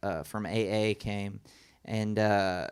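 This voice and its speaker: A man's voice: fairly low pitch, slow, clear, resonant tone. A man in his thirties from the American South, telling stories as a comedian guest at a live podcast, acting out voices and laughing often. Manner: animated storyteller, acts out voices, laughing a lot. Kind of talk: casual storytelling chat.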